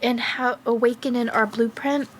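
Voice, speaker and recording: A woman giving a gentle, slow spiritual card reading, speaking in soft, affirming phrases with pauses and fillers. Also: fairly high pitch, slight background noise. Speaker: tarot and oracle card reader.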